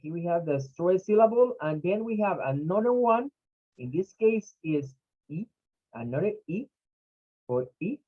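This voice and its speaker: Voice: medium pitch, lively intonation, phone-quality sound. Insegnante che ripete lentamente i suoni. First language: Spanish. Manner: repeats sounds and words slowly, drilling pronunciation. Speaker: English teacher. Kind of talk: online pronunciation lesson.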